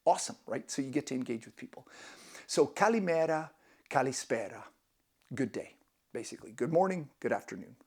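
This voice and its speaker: A man's voice: medium pitch, animated, a little fast, breathy edge. A man vlogging casual travel tips to camera, enthusiastic and rambling, with many restarts.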